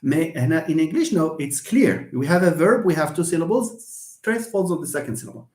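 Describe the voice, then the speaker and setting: A man's voice: on the high side, animated, normal speed, a little mellow, roomy sound. A man teaching English pronunciation in a live online lesson, stressing words and repeating them for emphasis.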